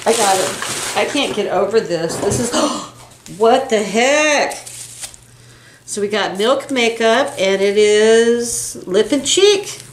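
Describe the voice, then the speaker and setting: An older woman co-hosts a beauty channel, her voice fairly high and her pace unhurried as she chats casually and gushes over makeup gifts, gasping with delight while unboxing them. The room is echoey, with a faint hiss in the recording.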